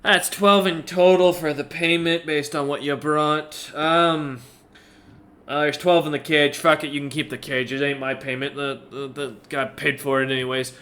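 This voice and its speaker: A man voicing a hungover male guild master who is groggy and gruff and swears casually. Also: on the high side, flat delivery, normal speed, bright, forceful tone.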